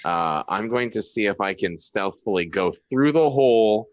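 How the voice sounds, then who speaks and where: A man's voice: lowish voice, expressive, moderate pace, no room sound. A man playing a tabletop game, thinking aloud hesitantly with restarts. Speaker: player. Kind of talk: casual tabletop play.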